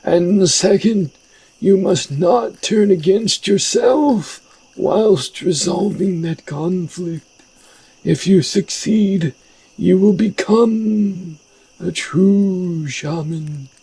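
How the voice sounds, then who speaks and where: A man voicing an old male shaman teacher who gives solemn, drawn-out warnings in a raised voice. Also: high-pitched, warm tone, husky, dry recording, pitched above the performer's own voice, full character voice.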